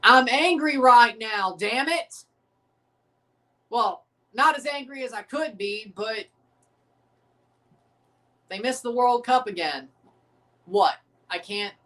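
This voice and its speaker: A man's voice: extremely high pitch, slow, pauses often, pushed and bright, distant mic. A man hosting a live sports watchalong, ranting profanely and repeating himself. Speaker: livestream watchalong host. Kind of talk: live sports reaction rant. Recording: voice a bit off the mic.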